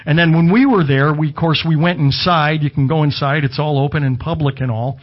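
Here the pastor, a middle-aged man, speaks at a fairly high pitch and a little fast, delivering his sermon in a chatty way full of asides and self-corrections. It's lo-fi camera footage with slides behind him.

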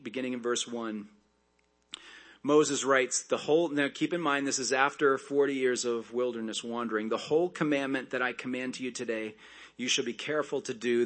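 A man preaching a sermon, reading scripture aloud and breaking off into conversational asides and quick jokes. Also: medium pitch, fairly bright tone. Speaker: pastor.

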